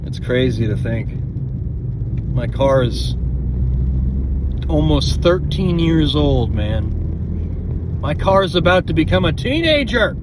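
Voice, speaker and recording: A tired young man talks slowly and unhurriedly from behind the wheel, his voice a touch high for a man. He rambles and swears at other drivers, and loud road noise from the car rumbles under everything he says. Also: sing-song. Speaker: vlogger. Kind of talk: casual driving monologue. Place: inside a moving car.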